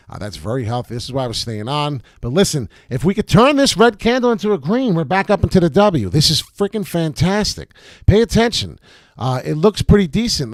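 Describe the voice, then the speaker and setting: Male crypto commentator, brash and animated, average pitch, dry recording. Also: no echo. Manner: brash, animated, swears casually. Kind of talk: casual chart commentary.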